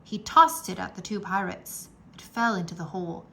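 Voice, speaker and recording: A woman reading a children's book aloud in a slow, animated storytelling manner, with a gravelly edge. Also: lowish voice. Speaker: read-aloud narrator.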